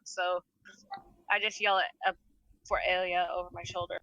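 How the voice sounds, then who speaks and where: A tabletop game player with a very bright, piercing voice. They talk fast and yell their character's warnings across the table. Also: mid-range voice, flat delivery, highs cut off. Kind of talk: in-character play.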